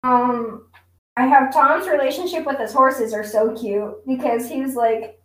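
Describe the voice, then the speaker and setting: A young woman with a high, slow, unhurried voice recaps a TV episode in casual chat, giggling and trailing off with fillers. Her voice rings in a roomy, echoey space. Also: fairly bright tone. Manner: giggly, drawn-out, lots of fillers. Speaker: podcast co-host. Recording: roomy echo.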